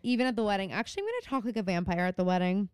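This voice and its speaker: A young woman co-hosts a podcast in loose, casual chat, filling her sentences with "like" as she rambles through a story. Her voice is smooth and clear. The sound is dry and close, with no room around it. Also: medium pitch, very animated, rapid-fire, darkish tone, dry recording. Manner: chatty, heavy on "like" fillers, laughs often. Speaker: podcast co-host.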